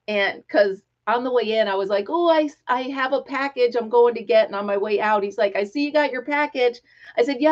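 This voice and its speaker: A middle-aged woman hosting a casual live stream, talking excitedly and telling stories with quoted voices. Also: on the high side. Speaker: livestream host. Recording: dull lo-fi live-stream audio.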